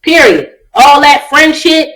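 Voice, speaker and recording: A woman's voice: high-pitched, animated, slow pace, fairly bright tone, low-quality recording. A woman co-hosting a casual podcast, blunt and profane, acting out quotes as she talks. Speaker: podcast co-host. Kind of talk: casual chat.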